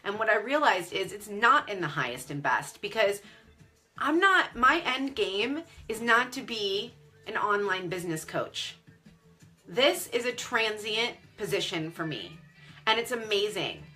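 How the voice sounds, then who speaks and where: A woman's voice: mid-range voice, unhurried, soft background music. A woman coach talking candidly and emotionally to viewers on a live video stream, close to tears at times. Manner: animated, candid. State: tearful. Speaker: online business coach. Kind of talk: Facebook Live chat.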